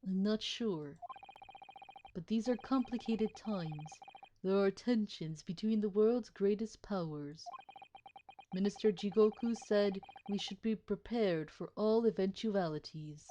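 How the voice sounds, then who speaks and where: Woman doing a low, mellow, remorseful male inspector. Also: measured pace, slight background noise, natural voice. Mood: apologetic. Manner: remorseful, formal. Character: earnest apologetic male police inspector, young adult. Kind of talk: reading game dialogue aloud.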